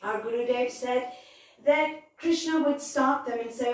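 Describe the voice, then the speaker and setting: A woman telling a devotional story in a lively, animated way. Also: fairly high pitch, a little slow. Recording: very echoey, from far off.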